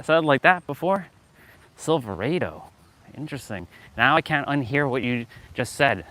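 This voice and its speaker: A fitness livestream host walks outdoors past courts and a pool, talking to viewers through a handheld phone. His ordinary mid-pitched voice is bright and forceful as he rambles from thought to thought, muses aloud and answers the chat.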